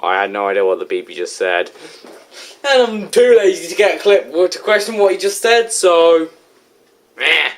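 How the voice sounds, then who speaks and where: A man's voice: fairly high pitch, sing-song, moderate pace. A young man mocking and teasing a reviewer while reacting to his video. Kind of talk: casual reaction commentary.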